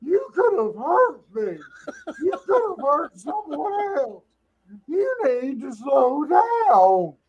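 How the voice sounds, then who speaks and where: A shrill, scolding female traffic cop, as a man puts her on, her voice climbing high and strained. She drags her words out slowly in a nagging whine. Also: very animated, darkish tone, muffled recording, exaggerated voice.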